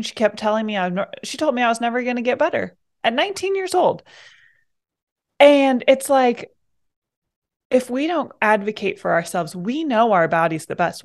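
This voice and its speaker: Woman, naturopath guest, casual chat, emphatic, passionate, medium pitch. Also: gravelly. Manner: emphatic and fired up, speaking with conviction. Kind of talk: casual conversation.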